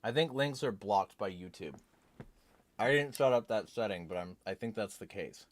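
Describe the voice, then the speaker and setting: A man with a lowish voice chats loosely with his stream, reading comments aloud and swearing freely. The sound is dry and close-miked. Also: animated, moderate pace, no room sound. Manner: laid-back, reads chat comments aloud, swears. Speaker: livestream host. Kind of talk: casual stream chat.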